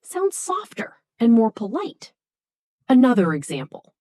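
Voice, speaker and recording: A woman teaching English to beginners in a high, lively voice that leaps up and down. Her tone is mellow rather than bright, and she speaks slowly and clearly, as if reading model sentences. The sound is close and dry. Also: no echo. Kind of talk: scripted English lesson for beginners.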